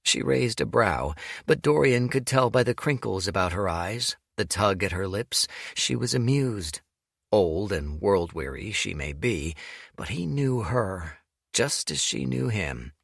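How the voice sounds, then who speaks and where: A man narrating an audiobook in an expressive, storytelling manner. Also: lowish voice, unhurried, creaky, no echo, clean studio sound.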